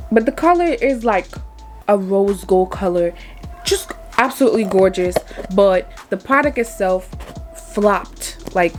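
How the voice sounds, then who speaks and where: A woman's voice: mid-range voice, darkish tone. A young woman reviewing makeup in a casual vlog, chatty and laughing often, repeating words as she goes. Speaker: beauty vlogger.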